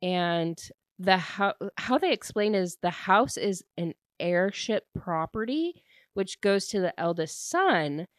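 A woman's voice: lowish voice, animated, slow, dry recording. Chatty woman recapping a book. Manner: chatty, heavy use of "like" fillers, laughs while retelling. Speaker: book reviewer.

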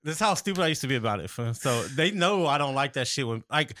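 A man in his thirties co-hosting a podcast in casual, profane chat, an animated storyteller who swears a lot. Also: medium pitch, quick pace, slight background noise. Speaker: podcast co-host.

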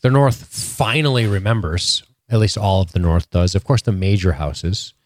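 A jokey man co-hosting a casual TV recap chat, tossing in quick asides and laughing. His voice runs fairly low. The recording is dry and close. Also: no room sound. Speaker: podcast co-host.

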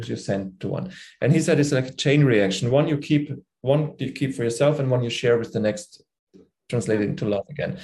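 German-accented man, mellow and earnest. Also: mid-range voice. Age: middle-aged. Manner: earnest, explanatory, searching for words. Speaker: podcast guest. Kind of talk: conversational interview.

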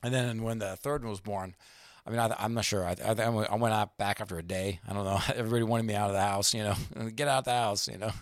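A middle-aged man with a fairly low voice, talking in a chatty, rambling way as he co-hosts a casual book discussion. The recording is dry and close, with no room sound. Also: steady tone, no echo. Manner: chatty, rambling, reads passages aloud slowly. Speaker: podcast co-host.

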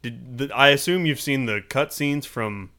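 Podcast guest guy, bright clear voice, laid back and dry. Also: medium pitch, moderate pace. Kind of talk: casual chat.

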